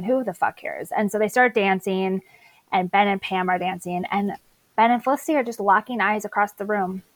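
A woman co-hosts a casual chat podcast, walking through a TV episode in a chatty way and slipping into the characters' lines as she goes. Her voice sits at a middle pitch. The recording is dry and close, with no room sound. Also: no echo, rough recording. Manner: chatty, recaps plot with quoted dialogue. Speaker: podcast co-host recapping a TV episode.

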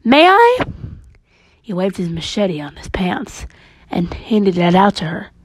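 Brief: woman storyteller, deadpan and brisk, dry close sound. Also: fairly low pitch, breathy edge, no room sound, poor audio. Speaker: podcast storyteller. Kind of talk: reading a spooky comic story aloud.

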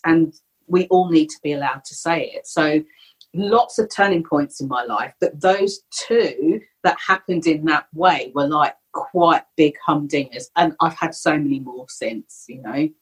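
A woman's voice: low voice, measured pace, breathy edge, low-quality recording. A middle-aged woman, a podcast guest, candidly and reflectively recounting a personal story. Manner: candid, reflective, animated when retelling.

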